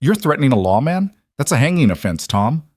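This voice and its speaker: A man's voice: mid-range voice, big pitch swings, fairly quick, husky, no echo, clean studio sound, voice pushed up. A man voicing a stern frontier sheriff who speaks in a firm, official way. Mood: warning.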